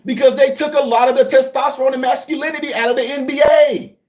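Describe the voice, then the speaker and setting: A middle-aged man hosts a casual livestream and talks straight to his viewers. His voice sits high for a man, and he swings from low, quiet asides to loud, excited outbursts. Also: quick pace. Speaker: livestream host.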